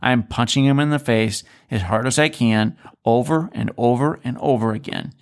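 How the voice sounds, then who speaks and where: A man's voice: medium pitch, moderate pace. A man co-hosting a podcast from Alaska, telling a personal story in casual chat and acting out what people said. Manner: animated storyteller, acts out quoted lines. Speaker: podcast co-host.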